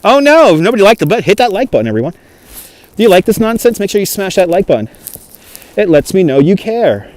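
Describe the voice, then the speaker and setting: A livestream host with a New York accent walks through a snowy city park, filmed on a phone camera on a gimbal, chatting casually, laughing often and reading comments aloud. His voice sits high, very animated and brisk, and a little mellow.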